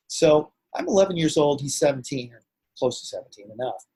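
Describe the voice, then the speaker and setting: A middle-aged man, a martial arts grand master and actor, telling stories in an animated, rambling way as an interview guest. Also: a little high, a little fast, slightly rough, no echo, poor audio. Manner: animated, rambling, swings loud and soft. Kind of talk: casual storytelling interview.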